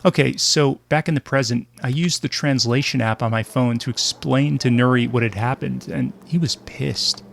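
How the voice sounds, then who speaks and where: A man's voice: mid-range voice, fairly even intonation, normal speed, gravelly, few pauses. A man narrating his travel podcast in a scripted, wry storytelling manner with dry humor.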